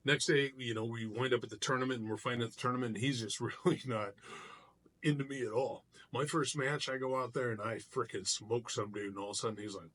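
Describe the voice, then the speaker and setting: A middle-aged man, a martial artist, telling a personal story in a casual vlog, animated and loose with frequent restarts. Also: medium pitch, a little fast.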